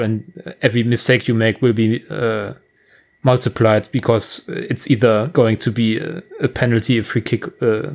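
A man analyzing football tactics in a casual podcast discussion, explaining at length with occasional fillers. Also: medium pitch.

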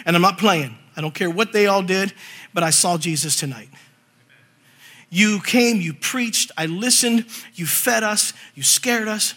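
A male preacher telling a funny story in a sermon, animated and acting out voices, laughing as he goes. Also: sits high, a little slow.

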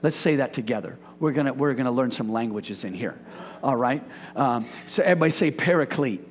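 A man in his forties preaching a sermon as pastor, playful and energetic, joking with the congregation. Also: mid-range voice, fairly quick. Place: church sanctuary. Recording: long reverb of a church hall.

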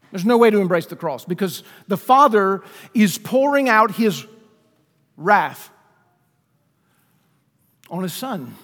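High-voiced preacher in a reverberant church. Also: male voice. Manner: conversational preaching with rhetorical questions. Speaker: pastor. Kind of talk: sermon. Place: church sanctuary.

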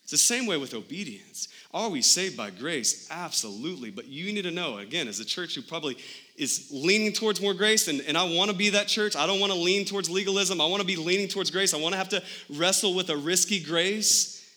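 A male pastor delivers a sermon in a very bright, ringing voice pitched a little high. He tells the story lively and acts out the people he quotes. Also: brisk.

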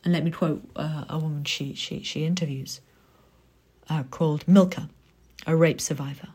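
A woman giving a spoken book review in a thoughtful, conversational way, with soft muttered asides. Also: low voice, fairly even intonation, moderate pace, husky.

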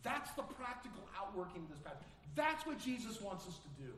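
A male pastor preaching a sermon earnestly, acting out quoted voices with sudden rises in pitch. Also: sing-song, brisk, fairly bright tone, echoey room, distant mic, a little hiss or hum.

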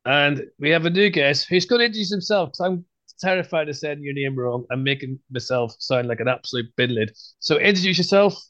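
A man's voice: fairly high pitch, fairly quick, a bit bright, dry recording. A man hosts a casual podcast and teases his guests in joking banter. His voice is dry and a little dull, as on a video call. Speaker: podcast host.

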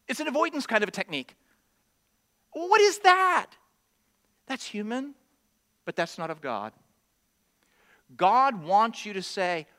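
A man preaching a sermon as a pastor, animated and acting out quoted voices, swinging from loud high exclamations to low quiet lines. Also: moderate pace.

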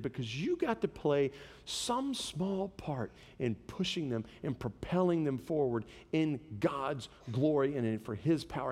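A man's voice: fairly high pitch, darkish tone, big-room sound. A pastor in his thirties preaching a sermon, conversational and telling stories with humor.

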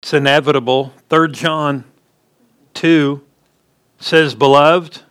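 A man's voice: a little high, fairly even intonation, takes it slowly, a bit bright, smooth. Folksy man preaching a sermon. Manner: folksy storytelling preacher, rising emphatic punches. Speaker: pastor.

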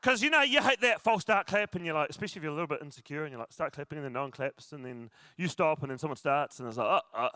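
Jokey high-voiced New pastor. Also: male voice, racing, few pauses, bright, forceful tone, clear, resonant tone, dry recording. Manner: jokey, chatty, talks to the crowd. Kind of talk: sermon. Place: church service with a congregation.

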